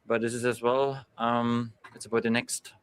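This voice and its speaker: Male football manager, post-match presser, halting non-native phrasing. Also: medium pitch, flat delivery, clean tone.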